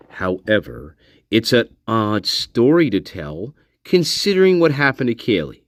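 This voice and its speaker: A man rambles through a live commentary, swearing freely and circling back to the same opinion again and again. His pitch swings widely from phrase to phrase. The sound is dry and close. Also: dry recording. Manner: swearing, rambling, laughs to himself; repeats himself, hedging opinions. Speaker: livestream host discussing a crime case. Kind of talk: casual live commentary with viewer shout-outs.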